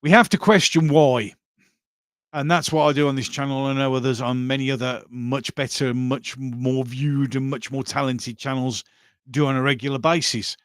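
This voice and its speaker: A man's voice: mid-range voice, steady tone, normal speed, no room sound, studio quality. A man hosting a casual live stream, reading out viewer comments and rambling with many fillers and restarts.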